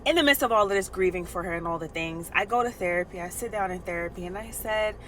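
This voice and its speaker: A woman's voice: on the low side, fast talker, few pauses, fairly bright tone, slight background noise, poor audio. A woman talking frankly and emphatically to her viewers in a casual vlog, swearing freely, recorded in a car. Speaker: nurse and vlogger.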